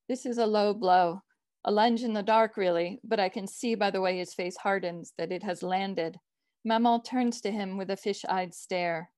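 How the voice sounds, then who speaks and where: A woman author gives a measured, even reading of her own short fiction. Her voice sits at a middle pitch for a woman, and the recording is dry and close with no room echo.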